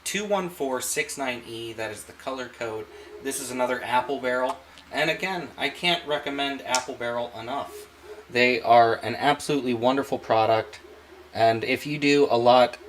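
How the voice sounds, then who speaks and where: A man hosting an art channel, walking through a painting demonstration in a relaxed way and thinking aloud as he works. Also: mid-range voice, reverberant, a little hiss or hum, poor audio. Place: home art studio.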